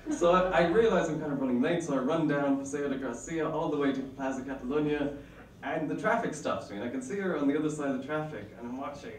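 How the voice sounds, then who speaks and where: A man's voice: mid-range voice, a little mellow, echoey room, distant mic, slight background noise, low-quality recording. A man telling a true personal story on stage, chatty and self-mocking, laughing between lines. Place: stage before a live audience.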